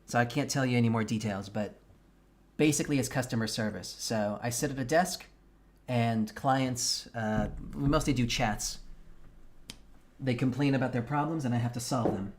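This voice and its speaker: Guy streamer just talking to chat, blunt, swears a lot, mid pitch voice. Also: normal speed. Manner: candid and profane, venting frankly. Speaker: game streamer. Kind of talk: casual chat with live viewers.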